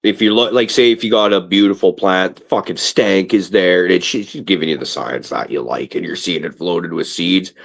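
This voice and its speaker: Deep canadian guy ranting on a weed show, swears a lot, sounds a little far from the mic. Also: normal speed, vocal fry, hardly any pauses. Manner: profane, rambling, animated rants. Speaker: podcast host. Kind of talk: casual stoner chat.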